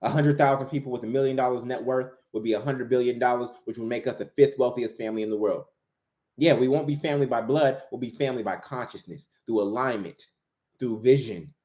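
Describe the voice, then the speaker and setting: Speaking briskly at medium pitch with a dark tone, a man who writes and gives motivational talks preaches on spiritual themes and repeats his key lines for impact. The recording sounds echoey and roomy.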